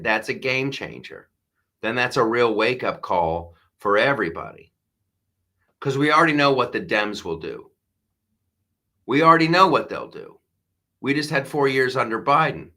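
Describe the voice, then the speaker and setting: A man's voice: medium pitch, pushed and bright. A man hosting a live comedy news show, ranting with exasperated sarcasm and frequent restarts.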